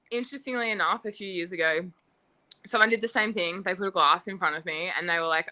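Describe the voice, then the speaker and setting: Bright-voiced chatty woman. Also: on the low side, fast talker. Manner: chatty storyteller, many "like"s and acted-out quotes. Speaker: winemaker guest. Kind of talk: casual interview chat.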